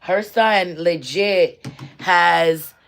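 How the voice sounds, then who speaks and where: A woman comedian hosting a casual livestream, talking in an animated, loud and teasing way, full of slang. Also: fairly low pitch, extremely slow, vocal fry, a little hiss or hum.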